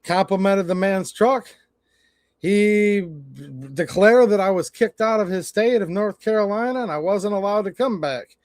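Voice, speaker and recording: This channel host is a man from Michigan with the local accent, ranting on a casual livestream and telling blunt, sweary stories full of quoted back-and-forth. His voice sits high and unhurried, on a dry, clean studio recording.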